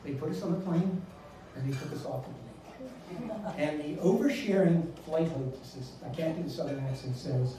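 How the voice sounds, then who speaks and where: A man's voice: on the high side, moderate pace, dark tone, a little hiss or hum. An older man telling a self-deprecating comic story on a live stage, chatty and full of asides. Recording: echoey room, mic far off.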